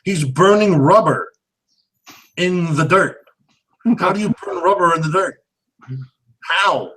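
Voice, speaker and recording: A man's voice: high voice, takes it slowly, sharp tone, slightly rough, poor audio. A man co-hosting a casual movie review, amused and rambling, often restarting his sentences. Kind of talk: casual chat.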